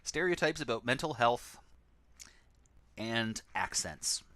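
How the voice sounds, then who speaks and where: A man's voice: medium pitch, expressive, takes it slowly, sharp tone. A man casually commenting on a text adventure game he plays on stream, with sarcastic, wry asides.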